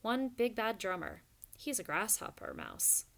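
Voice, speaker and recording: A woman's voice: medium pitch, wildly swooping pitch, a little slow, creaky, a bit bright, pitched above the performer's own voice, heavily acted. A woman voicing a hip young female skater mouse who talks in breezy slang. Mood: introducing.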